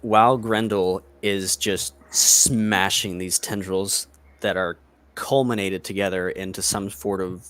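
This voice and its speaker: A man narrating a tabletop game as the game master, deliberate and slow. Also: low voice, steady tone, a bit bright.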